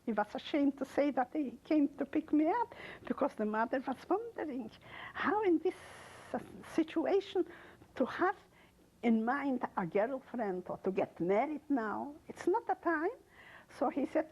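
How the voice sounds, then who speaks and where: An older woman speaks in a husky, breathy voice that sits a little high. She tells her story haltingly in an interview, with non-native phrasing, and she brings in the words of the people she remembers. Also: very animated, a little mellow, muffled recording. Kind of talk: oral history testimony.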